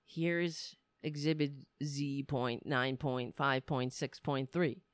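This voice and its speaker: A woman's voice: extremely low pitch, slow, no room sound. A woman commentator delivering an indignant, sarcastic rant. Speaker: political commentator.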